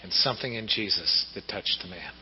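A male pastor preaching a sermon in an animated storytelling manner, heard in a church hall on a dull recording. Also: low voice, fairly quick, slight background noise. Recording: reverberant hall, dull lo-fi sound.

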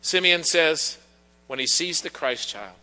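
A man preaching a sermon in a conversational, teasing way, his voice high and strikingly bright. The church gives it a long, ringing reverb. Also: animated, a little slow. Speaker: pastor. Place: church sanctuary.

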